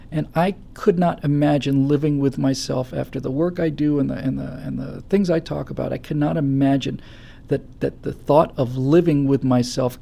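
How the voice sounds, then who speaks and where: A man hosting a political talk show, giving impassioned commentary with stammering restarts that build to loud, forceful stretches. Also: mid-range voice, creaky. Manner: forceful, stammering restarts, rising to near-shouting. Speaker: show host.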